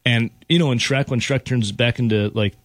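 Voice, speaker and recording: A man's voice: medium pitch, normal speed, fairly bright tone, no echo. A man, hosting a radio show and telling a story in casual chat, laughing as he goes.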